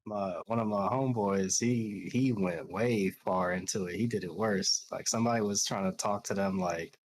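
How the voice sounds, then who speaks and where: A man's voice: fairly low pitch, steady tone. A man chatting casually, telling stories in slang and laughing often. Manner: slow, laughing, slangy storytelling. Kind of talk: casual chat.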